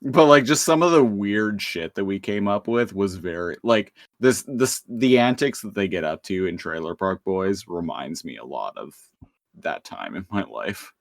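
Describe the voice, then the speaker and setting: A man co-hosting a casual podcast, talking slowly, laughing often and swearing freely. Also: deep voice, lively intonation, no echo, studio quality. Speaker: podcast co-host. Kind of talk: casual chat.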